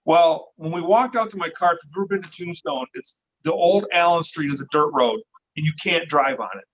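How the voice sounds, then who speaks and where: Middle-aged man, slightly high voice, lively casual storyteller, lo-fi sound. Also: fairly quick, a little hiss or hum. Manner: lively, swearing, acts out the voices he quotes. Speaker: podcast guest. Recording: dull lo-fi recording.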